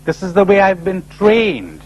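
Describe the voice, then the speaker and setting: A man giving a lively spiritual conference talk, full of rhetorical questions and acted-out voices, on an old tape recording. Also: high voice, a little slow, poor audio. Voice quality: animated, rhetorical, acting out imagined voices. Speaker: speaker at a spiritual retreat conference.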